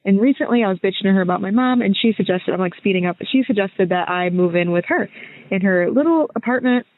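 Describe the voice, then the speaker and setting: A woman's voice: mid-range voice, quick pace, dry recording. A woman in her twenties leaves a casual, rambling voice message for a podcast, hesitating and correcting herself as she goes. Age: 20s. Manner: rambling, hesitant, self-interrupting. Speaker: listener caller sending a voice message. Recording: thin phone-line sound.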